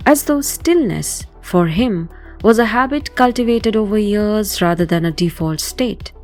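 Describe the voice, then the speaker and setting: A woman narrating a supernatural audio thriller in a measured, descriptive way. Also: medium pitch, darkish tone. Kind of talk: scripted audio drama narration.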